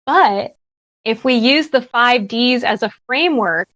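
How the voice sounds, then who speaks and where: A woman's voice: a little high, lively intonation, measured pace, a bit bright, dry recording. A woman presenting at a virtual summit, giving earnest, conversational advice and often checking in with "right?". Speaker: workshop presenter. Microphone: video call.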